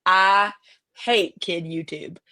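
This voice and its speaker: A woman's voice: lowish voice, fairly even intonation, slow pace, pushed and bright. A woman co-hosting a podcast in casual chat, blunt and wry, with casual swearing. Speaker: podcast co-host.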